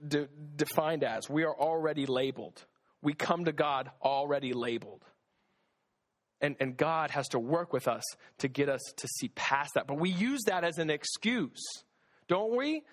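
A man giving a casual, conversational sermon, reading scripture and acting out the voices of its figures. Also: a little high. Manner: conversational, acts out voices of God and Gideon. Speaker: preacher.

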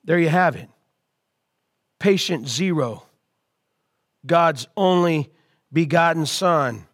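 A man preaching a sermon as pastor, calling out to his congregation and swelling louder on key lines. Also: fairly high pitch, expressive, slow. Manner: call-and-response preaching to an online congregation.

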